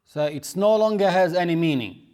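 A man teaching a religious lesson, speaking deliberately and repeating key phrases for emphasis. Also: high voice, animated, darkish tone. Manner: demonstrates pronunciation of recited phrases.

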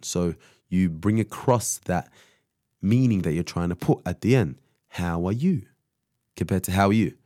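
Male speaking coach, deep mellow tone, emphatic and rhythmic, dry close mic. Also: no room sound. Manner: emphatic, repeats phrases for rhythm. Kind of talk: instructional talk.

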